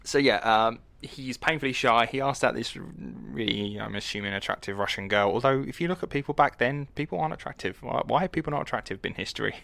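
A man's voice: mid-range voice, fast, gravelly, hardly any pauses, pushed and bright, no room sound. A young man co-hosting a podcast in casual, jokey chat, rambling and acting out quoted lines. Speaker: podcast co-host.

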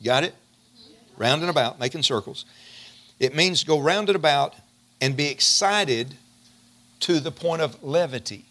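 A man preaching a sermon in a folksy, animated way, calling on his congregation to respond. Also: on the high side, a little slow, long pauses.

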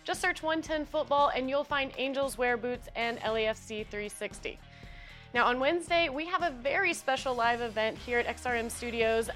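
A woman's voice: high voice, a bit bright. A woman hosting a soccer podcast, reading promos and chatting casually with co-hosts. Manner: emotional, choked up at a farewell. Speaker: podcast host.

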